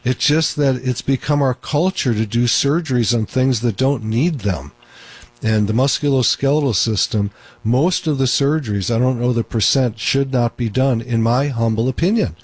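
A man's voice: medium pitch, normal speed, husky, no echo. A man hosting a call-in radio show as a doctor, talking in an emphatic, repetitive way. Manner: talkative, emphatic, repeats points.

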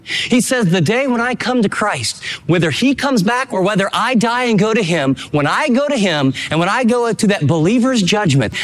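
A man preaches with emphatic energy. His voice sits high and moves in lively leaps. A long reverb hangs behind him, as in a large hall. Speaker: pastor. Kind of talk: sermon.

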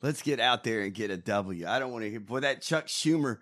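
A man co-hosting a podcast, ranting casually with profanity and shouting now and then. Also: medium pitch, expressive, brisk. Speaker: podcast co-host.

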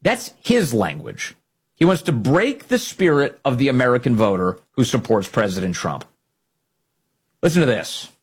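A man's voice: mid-range voice, sing-song, moderate pace, breathy edge. A man hosting a political commentary show, speaking emphatically and indignantly and repeating key phrases.

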